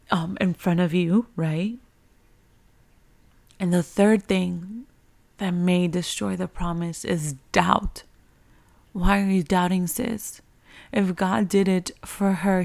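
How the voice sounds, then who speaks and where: A woman's voice: mid-range voice, gravelly. A woman giving an earnest, repetitive motivational faith talk to single mothers, urging them again and again not to give up. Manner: earnest, repetitive, preacher-like exhortation. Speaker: faith encourager for single moms.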